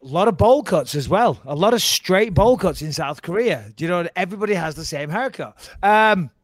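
A man co-hosting a podcast, telling an animated story and swearing freely. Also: sits high, brisk, dry recording. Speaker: podcast co-host. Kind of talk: casual podcast chat.

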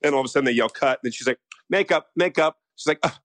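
A man's voice: medium pitch, racing. A man, a soap opera actor from the United States, chatting as an interview guest and acting out quotes as he tells stories. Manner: animated storyteller, acts out quotes. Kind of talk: casual interview chat.

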